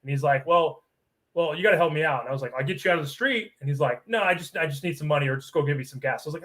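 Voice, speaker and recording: A man's voice: on the high side, very fast, fairly bright tone. A man, a guest on a casual podcast, telling a rambling story and acting mock-offended, swearing a lot. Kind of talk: casual banter.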